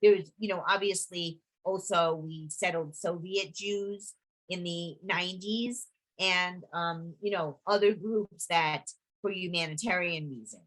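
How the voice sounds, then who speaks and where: A woman's voice: on the low side, fairly even intonation, unhurried, fairly bright tone, rough recording. A middle-aged woman with a New York accent, giving a chatty, filler-filled talk over a video call as a historical society presenter. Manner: chatty, full of fillers and restarts.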